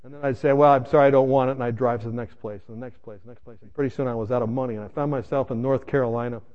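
A man's voice: medium pitch, fairly even intonation, very fast, highs cut off. Emphatic man preaching his testimony. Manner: emphatic storytelling addressing the audience directly. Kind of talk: sermon testimony.

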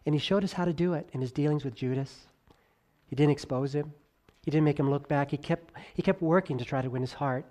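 Preaching a sermon, this male pastor swings from forceful, loud highs down to quiet lows. Important words get drawn out slowly, and his delivery includes casual asides and stumbling restarts.

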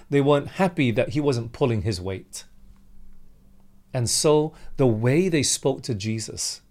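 A male preacher delivers a sermon in a mid-pitched voice, speaking straight to his listeners. He shifts between calm reasoning and sudden, louder outbursts whenever he voices pleading prayers. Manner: animated, acts out the disciples' pleas with raised pitch.

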